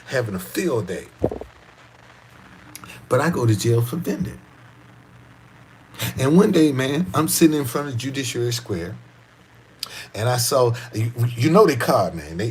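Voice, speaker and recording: A husky man from D.C., animated and telling his life story as a guest, speaks at a medium pitch and takes his time, leaving long pauses. His street talk is profane, repetitive and emphatic as he tells his story with energy.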